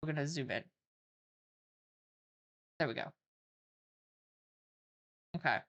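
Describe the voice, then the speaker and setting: A woman's voice: low voice, slow, fairly bright tone. A woman streamer reading an interactive story aloud, with joking asides and casual swearing.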